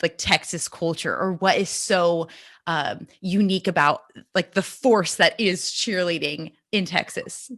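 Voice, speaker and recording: A woman's voice: fairly low pitch, unhurried, fairly bright tone. A young woman hosting a podcast, encouraging her guest and asking long, open questions. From California. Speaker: podcast host. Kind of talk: casual podcast interview.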